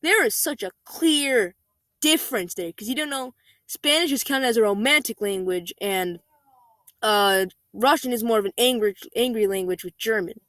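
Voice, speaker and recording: Woman reading a reddit story, kinda high voice, ranty and chatty, dry close mic. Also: normal speed, a bit bright, dry recording. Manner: chatty, many "like" fillers, exasperated rants. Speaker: story reader. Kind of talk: casual story reading and ranting.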